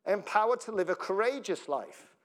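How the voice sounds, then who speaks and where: A man's voice: high voice, expressive, normal speed. A man preaching a sermon as pastor, chatty and joking, often laughing and asking the congregation questions. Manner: jokey, laughs often, breaks up mid-sentence; conversational, asks the congregation questions.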